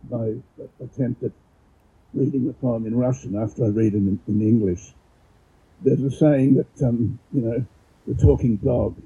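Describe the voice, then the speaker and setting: A man giving an informal explanatory talk and reading poetry aloud, halting and often repeating words as he goes, measured when he reads verse. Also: medium pitch, mellow, breathy edge. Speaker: presenter. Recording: dull lo-fi recording.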